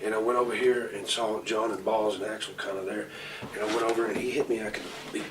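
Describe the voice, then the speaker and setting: A man's voice: lowish voice, little pitch movement, quick pace. A man in his forties telling rambling, profane stories as a wrestler in an interview. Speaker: pro wrestler interview guest. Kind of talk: shoot interview storytelling. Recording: distant mic, noisy room ambience.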